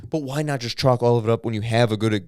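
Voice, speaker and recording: A man co-hosting a podcast, talking in fast, crude, argumentative banter. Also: mid-range voice, darkish tone, no room sound, clean studio sound. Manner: rapid, argumentative, crude joking. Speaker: podcast co-host.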